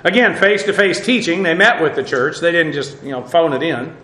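A man's voice: fairly high pitch, expressive, brisk, bright, forceful tone. Man teaching Bible class, echoey room. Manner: conversational, many fillers, dry asides.

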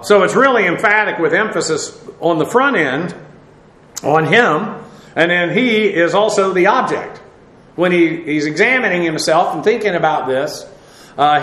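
A man teaching a verse-by-verse Bible study, spelling out Greek words letter by letter with many pauses. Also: fairly high pitch, fairly bright tone. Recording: echoey room.

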